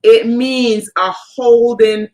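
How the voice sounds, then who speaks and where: A woman's voice: on the high side, steady tone, extremely slow, a little mellow. A woman co-hosting a live-streamed spiritual talk, explaining emphatically and speaking straight to the viewers. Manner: emphatic, addresses viewers directly. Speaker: co-host of a spiritual channel.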